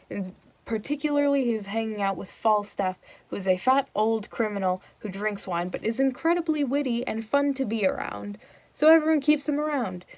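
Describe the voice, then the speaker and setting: A woman's voice: medium pitch, darkish tone. A young woman hosting a comic plot summary, talking casually and ramblingly with lots of fillers. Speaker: host.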